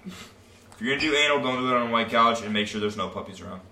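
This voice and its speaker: A man's voice: mid-range voice, fast talker, pushed and bright. Young man telling a crude story, roomy. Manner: crude, rambling, laughing anecdote. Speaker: storyteller among friends. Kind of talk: casual profane storytelling. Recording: roomy sound from a distant mic.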